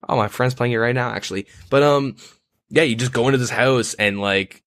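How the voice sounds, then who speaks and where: A man's voice: medium pitch, brisk, a bit bright, no echo, clean studio sound. A man co-hosting a podcast, telling a story in casual banter, profane and rambling with lots of fillers. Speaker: podcast co-host.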